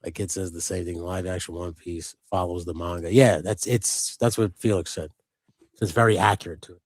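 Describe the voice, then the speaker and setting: Deep-voiced and slightly rough, a live customizing stream co-host chats fairly quickly in a steady tone. He's loose and rambling, swearing often and jumping between topics, with no echo in the recording.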